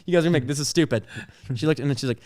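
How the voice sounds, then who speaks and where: A man's voice: on the high side, very fast, darkish tone. A young man co-hosting a podcast, telling childhood stories in casual chat, rambling with lots of "like" fillers and laughing as he talks. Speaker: podcast co-host.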